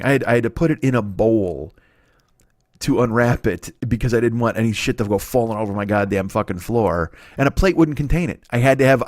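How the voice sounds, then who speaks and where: A man in his forties hosting a comedy podcast, telling a story in a profane, animated, exaggerating way. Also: medium pitch, dry recording, studio quality. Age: 40s.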